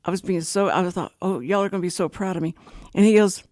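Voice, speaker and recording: An older Texan woman hosts a casual radio talk show from a studio, her mid-range voice brisk and the recording dry and clean. She's an animated storyteller who acts out phone calls as she tells her stories.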